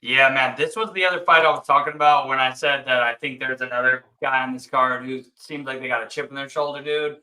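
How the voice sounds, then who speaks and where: Animated man in casual fight chat. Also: medium pitch, poor audio. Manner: excited, talks fast with many "like"s. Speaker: co-host.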